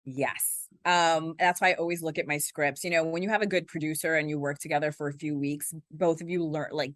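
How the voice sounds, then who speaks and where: A woman news anchor in her forties, talking fast and animated as an interview guest, acting out little quotes. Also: deep voice, no room sound, studio quality. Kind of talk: conversational interview.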